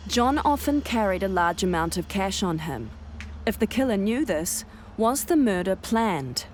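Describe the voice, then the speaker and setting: A woman giving scripted documentary narration in a measured, even way. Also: mid-range voice, slight background noise.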